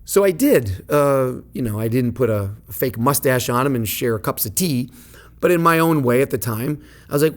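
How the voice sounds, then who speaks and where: A man's voice: medium pitch, normal speed. Man telling a personal story. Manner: casual, animated, laughs while telling. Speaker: podcast host.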